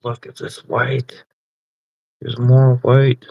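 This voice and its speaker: A man's voice: mid-range voice, completely flat delivery, slow pace, vocal fry, dry recording, highs cut off. A man chatting casually on a livestream, often swearing, laughing and teasing. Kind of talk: casual live-stream chat.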